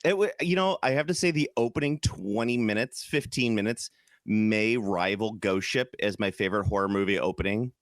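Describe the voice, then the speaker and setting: A man's voice: lowish voice, moderate pace, dry recording. Chicago guy on a podcast, rambles n restarts a lot, eager, dry close mic. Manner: rambling, enthusiastic, trails off and restarts. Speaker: podcast co-host. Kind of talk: casual chat.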